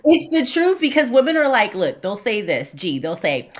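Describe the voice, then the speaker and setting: Woman, relationship coach, blunt and emphatic podcast guest, middle pitch. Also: lively intonation, normal speed, hardly any pauses.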